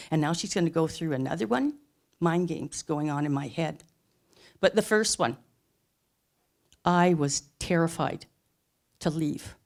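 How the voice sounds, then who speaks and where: Earnest middle-aged woman telling her story. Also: lowish voice. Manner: earnest and emphatic, piling up short phrases. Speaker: speaker sharing her life story. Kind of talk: personal storytelling talk.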